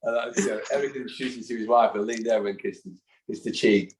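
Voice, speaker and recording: A man in his fifties, a guest in a casual interview, telling animated anecdotes and acting out the voices of people he quotes. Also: fairly low pitch, fast, a little hiss or hum. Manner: animated storyteller who acts out quoted voices. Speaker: guest, football fan. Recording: echoey room.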